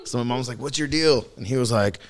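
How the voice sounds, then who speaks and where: Casual male podcast co-host, mid-pitched, animated storyteller who swears freely. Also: fast talker. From Southern California. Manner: animated, swearing, laughing through stories.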